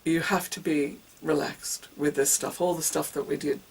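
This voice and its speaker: A woman's voice: low voice, fairly even intonation, moderate pace, gravelly, far from the mic, rough recording. A woman giving a casual singing lesson, demonstrating breathing exercises with whoops, grunts and hisses. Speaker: singing teacher.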